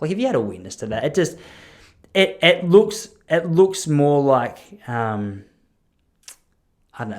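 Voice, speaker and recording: A young man hosting a podcast, telling a long story alone in a rambling, jokey way and breaking off his own sentences. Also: mid-range voice. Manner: rambling, self-interrupting, jokey asides. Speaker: podcast host. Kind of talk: casual solo storytelling.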